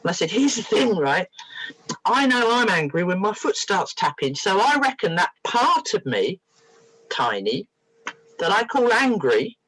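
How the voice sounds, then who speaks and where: A woman's voice: medium pitch, big pitch swings, measured pace, a bit bright, breathy edge, no echo, rough recording. A middle-aged woman, sharing therapy stories as a guest on a talk show. Her voice swoops up and down with energy as she acts out the people in her stories. The sound is close and dry, with no room around it. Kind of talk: animated storytelling.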